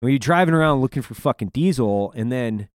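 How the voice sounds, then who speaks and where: A man telling a war story in casual chat, profane and animated. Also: medium pitch, a little fast, no echo. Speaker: podcast co-host, veteran.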